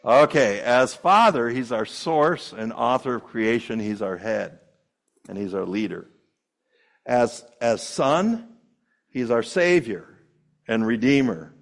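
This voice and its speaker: A man preaching a sermon as pastor, talking in a conversational way with fillers, repeated phrases and frequent chuckles, in a church sanctuary. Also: mid-range voice.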